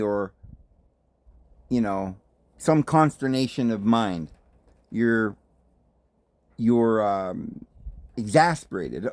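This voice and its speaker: A man's voice: fairly low pitch, takes it slowly, long pauses, dry recording. A man from the United States hosting a commentary monologue, speaking emphatically with rhetorical questions and asides. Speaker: host.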